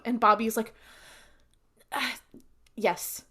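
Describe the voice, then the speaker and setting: A woman's voice: on the high side, slow pace. A young woman co-hosting a podcast, chatting casually and acting out characters' lines as she recaps. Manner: animated, acts out characters' lines while recapping. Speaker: podcast co-host.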